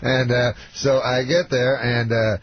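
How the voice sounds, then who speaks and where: A man from Canada, a comedian guest, telling a deadpan story in a rambling way with many fillers and self-corrections, heard in a radio studio. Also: mid-range voice, measured pace. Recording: muffled radio line with hiss.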